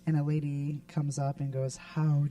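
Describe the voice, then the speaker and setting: A woman's voice: low-pitched, normal speed, warm tone, distant mic. A woman co-hosting a casual podcast, telling funny personal stories and laughing often. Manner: chatty storyteller, laughs often. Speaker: podcast co-host. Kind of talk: casual chat.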